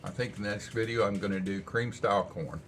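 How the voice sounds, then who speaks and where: A man's voice: fairly low pitch, fairly quick, very noisy. An older man chatting casually in a homey, folksy way while cooking and tasting food in his home kitchen. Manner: easygoing, folksy, rambling. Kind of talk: casual cooking vlog chat.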